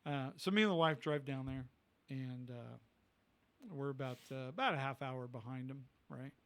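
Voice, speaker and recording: A man's voice: medium pitch, moderate pace, fairly bright tone. A middle-aged man, a comedian guest, telling a rambling anecdote in casual podcast talk and acting out the people he quotes. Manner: rambling anecdote teller, acts out quoted voices.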